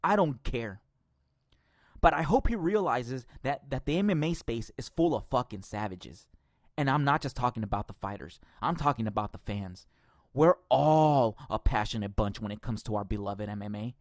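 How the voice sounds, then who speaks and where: A man's voice: mid-range voice, expressive, normal speed, no echo. Angry ranting man, dry sound. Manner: angry, profane ranting with sarcastic laughs. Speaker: podcast host. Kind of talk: ranting podcast commentary.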